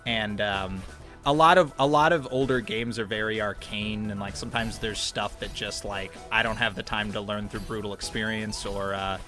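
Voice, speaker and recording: A man's voice: lowish voice, steady tone, moderate pace, bright, forceful tone, soft background music. Rambling laid-back male podcast co-host. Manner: rambling, swears, laughs often. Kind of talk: casual chat while watching gameplay.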